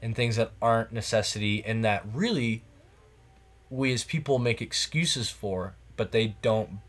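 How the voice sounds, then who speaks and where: A man's voice: lowish voice, a little slow, a bit bright. A man hosting a podcast in casual late-night chat, rambling and reflective, restarting his sentences, a few drinks in. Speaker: podcast host. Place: cabin in the woods.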